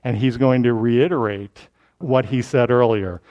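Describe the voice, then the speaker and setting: A man's voice: mid-range voice, steady tone, a little slow, a little mellow, muffled recording. A man teaching a sermon verse by verse, switching into raised, proclaiming tones when he reads scripture. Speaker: preacher. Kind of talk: expository Bible teaching.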